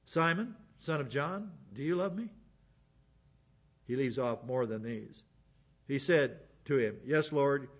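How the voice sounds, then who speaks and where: Man preaching in a lo-fi recording. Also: mid-range voice. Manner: conversational Bible teaching with asides. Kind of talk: sermon.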